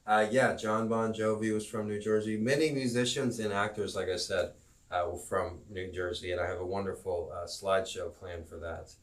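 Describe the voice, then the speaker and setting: A man teaching geography on a live stream, rambling and halting as he goes. His voice sits on the low side. He sounds a little distant from the microphone. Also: steady tone. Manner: rambling, halting, self-promoting.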